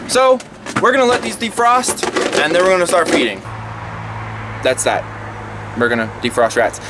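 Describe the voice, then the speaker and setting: Casual vlogger, man, rambling and jokey, fairly high bright voice, off-mic with faint hiss. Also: far from the mic. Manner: rambling, chatty, jokey asides. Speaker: pet snake vlogger. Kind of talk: casual how-to vlog.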